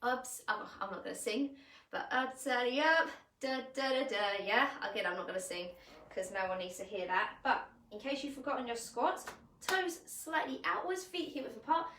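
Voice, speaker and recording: A woman's voice: a little high, animated, moderate pace, pushed and bright. A woman fitness coach, leading a live online workout at home in a chatty, upbeat way and laughing often. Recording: echoey room.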